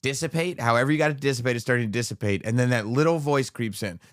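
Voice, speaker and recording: A man's voice: mid-range voice, quick pace, no room sound, studio quality. A man co-hosting a podcast who chats casually, teases his co-host and offers advice. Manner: wry, teasing, gives advice. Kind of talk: casual chat.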